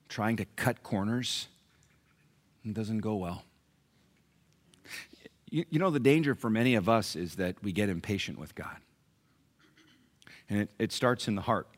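Preaching in a lowish voice, this male pastor dramatizes his stories, performing the characters' voices and asking his congregation questions as he goes.

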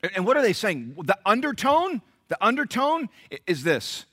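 Man, middle-aged, pastor, sermon, lively swooping pitch, dramatic shifts from hushed to loud. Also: moderate pace. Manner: dramatic preaching, swings from low and intimate to loud exclamations; acts out the voices of the people in the text.

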